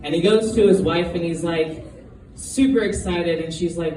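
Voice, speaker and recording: A man's voice: on the high side, moderate pace. Rambling man telling a joke onstage. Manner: hesitant, rambling, with frequent ums and giggles. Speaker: amateur stand-up comedian. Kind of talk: first-time stand-up storytelling. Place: live comedy show venue. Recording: echoey room from far off, noisy.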